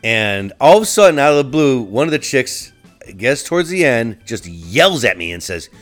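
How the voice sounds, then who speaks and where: A man's voice: medium pitch, big pitch swings, normal speed, faint music behind. A middle-aged man hosting a solo podcast, telling an angry story in a profane, ranting way with frequent restarts. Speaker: podcast host.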